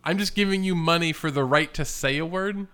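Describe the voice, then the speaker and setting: A man plays a skeptical customer with a high, bright voice. His tone is crisp and smooth, and he picks apart each claim with dry, pointed questions. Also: fairly quick. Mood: exasperated. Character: skeptical, exasperated male customer. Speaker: improv performer. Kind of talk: improvised comedy sketch.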